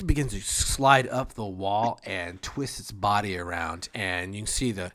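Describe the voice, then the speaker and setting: A man's voice: lowish voice, measured pace, a bit bright, a little hiss or hum. A man running a tabletop game over voice chat, casual and laughing, swearing often. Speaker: game master.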